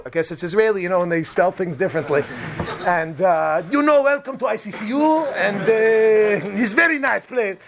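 A man telling a comic personal story in an animated way, acting out the other people in it. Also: fairly high pitch.

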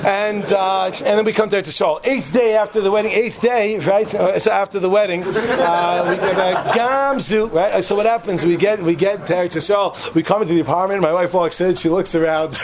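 A young man telling a joking personal story to a live audience in a room, animated, with restarts and asides. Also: high voice, normal speed.

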